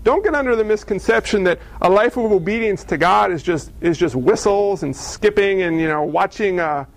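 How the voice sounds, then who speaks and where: A man's voice: high-pitched, expressive, normal speed. A man preaching a sermon in a conversational, self-deprecating way, with playful asides to his congregation. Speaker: pastor.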